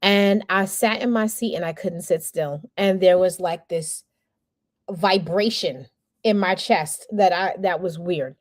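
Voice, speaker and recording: A woman's voice: fairly low pitch, a little slow, no room sound, clean studio sound. A woman in her forties, a communications coach, teaching a masterclass and telling a candid personal story while acting out the people she quotes. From New York area.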